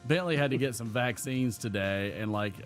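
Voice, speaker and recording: Animated man telling stories. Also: moderate pace, faint music behind. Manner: animated storyteller, acts out quotes in a higher voice. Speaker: podcast host. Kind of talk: casual live-stream chat.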